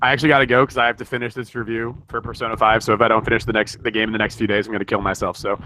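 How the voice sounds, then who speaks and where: A man rattles off jokes at high speed in a casual podcast chat. His voice is bright and forceful. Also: slight background noise. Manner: joking, fast and excitable. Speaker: podcast co-host. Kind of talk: casual group chat on a video call.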